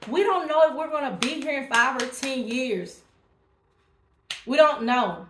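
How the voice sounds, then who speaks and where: Vlogger, woman, chatty and encouraging, slightly high voice, echoey room. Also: expressive, normal speed, background noise. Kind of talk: casual direct-to-camera talk.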